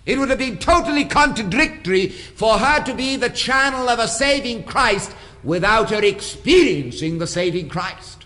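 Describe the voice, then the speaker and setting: High, bright-voiced preacher in an echoing hall. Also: male voice, lively intonation, normal speed, hardly any pauses. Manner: preaching with repeated phrases and rising emphasis. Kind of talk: sermon. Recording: long hall reverb.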